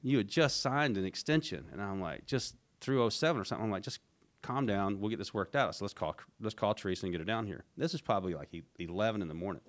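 A man's voice: on the low side, lively intonation, fast, few pauses. A middle-aged man as a podcast guest, telling a long story in a rambling way, with frequent restarts and acted-out quotes. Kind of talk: casual storytelling interview.

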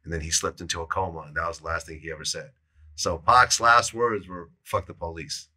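A man hosting an interview, prompting his guest in a relaxed way and summing up stories. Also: sits low, brisk, a little hiss or hum. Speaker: interviewer, show host. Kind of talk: interview questions.

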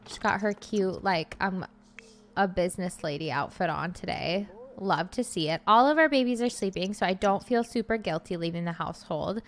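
A woman's voice: on the low side, normal speed. A woman hosting a life-sim let's-play, chatting casually and bursting into frantic pleading at her characters. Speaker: gaming channel host.

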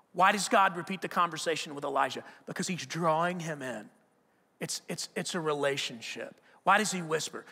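A man preaching a sermon as pastor, talking conversationally, repeating and restarting words, and growing animated and loud in stories. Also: sits high. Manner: grows animated and loud when telling stories. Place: church auditorium. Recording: long hall reverb from the church auditorium.

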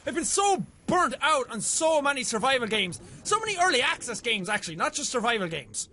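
A young man in his twenties giving excitable let's play commentary, swearing often and chatting to the game's characters. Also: very high voice, brisk, a little hiss or hum. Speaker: gamer.

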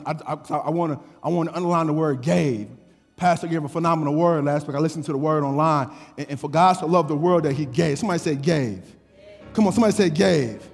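A man preaching a sermon, fervent and stammering, breaking into shouts, recorded in an echoey church. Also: a little high, gravelly. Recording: echoey church hall with music.

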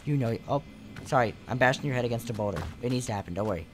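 A man's voice: mid-range voice, lively intonation, rapid-fire, faint music behind. A young man hosting a casual let's play, joking crudely and rambling as he plays, dropping to mutters and jumping to squeals. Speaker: gaming channel host.

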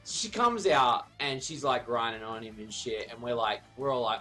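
A man's voice: medium pitch, moderate pace, few pauses, pushed and bright, soft background music. A man, a streamer, telling a wild party story in a rambling, profane, casual way while he plays a game. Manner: rambling, profane, laughs at his own story.

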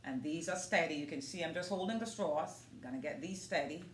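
A woman's voice: sits low, fairly quick, slight background noise. A woman vlogging in an earnest, casual way, talking straight to her viewers as a motivational vlogger. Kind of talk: casual demonstration vlog. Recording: roomy echo.

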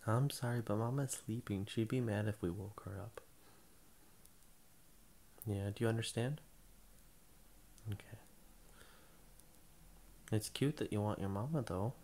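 Soft-spoken father coaxing at bedtime. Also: lowish voice, unhurried, long pauses. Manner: gentle, patient, softly coaxing. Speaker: father putting child to bed. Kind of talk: casual bedtime chat.

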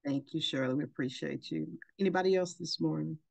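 A woman hosting a coaching group call, speaking in a relaxed, unhurried way with filler pauses. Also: deep voice, creaky. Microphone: phone call.

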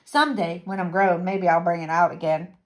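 A woman's voice: on the low side, fairly even intonation, brisk, pitched below the performer's own voice, lightly acted. A woman voicing a friendly, modest young male trumpet player in a storybook read-aloud.

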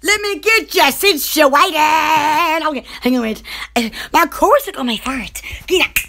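A woman's voice: sits high, measured pace, creaky, noisy background. A woman hosting a casual livestream, chatting in a giggly, rambling way. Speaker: channel host.

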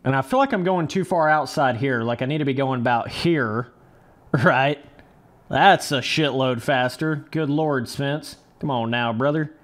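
A young man streams a motocross game live, speaking at medium pitch, a little slowly, with a slightly bright voice. He swears casually, coaches himself through the race under his breath, and chats with viewers, calling them brother and dudes.

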